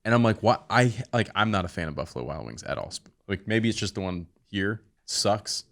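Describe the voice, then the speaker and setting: A man in his thirties, a podcast host, telling a story in casual chat and acting out the quotes with sudden high-pitched outbursts. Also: very animated, a little fast, creaky, a bit bright.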